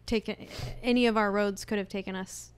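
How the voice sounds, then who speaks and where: A woman hosts a casual podcast, dropping in short, reflective remarks. Her voice is mid-pitched and even, with little rise and fall. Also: a little fast, smooth. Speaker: podcast host. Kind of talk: casual conversation.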